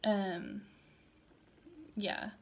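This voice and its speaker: A tired woman in her thirties teaching a recorded Spanish class, switching between English and Spanish in a relaxed, chatty way. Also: medium pitch, drawn-out words, gravelly, muffled recording. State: tired, yawning. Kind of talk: recorded lecture.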